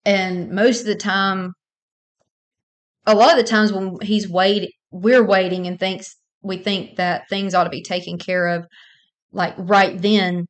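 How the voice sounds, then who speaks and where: A woman's voice: mid-range voice, flat delivery, a little slow. Woman host, earnest faith encouragement. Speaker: podcast host. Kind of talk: casual faith podcast talk.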